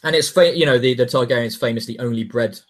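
A man's voice: medium pitch, fast talker. A man co-hosting a casual chat, rambling and swearing, often repeating words as he gathers his thoughts.

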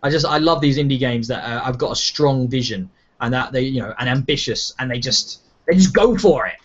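A man hosting a casual gaming podcast, talking in an animated, rambling way with many restarts. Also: medium pitch, fairly quick, breathy edge. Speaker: podcast host. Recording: dull lo-fi sound.

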